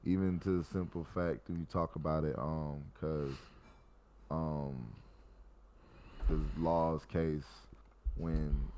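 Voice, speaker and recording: A man talking in a rambling, halting way with many fillers, as a podcast co-host in casual chat. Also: extremely low pitch, warm tone, a little hiss or hum.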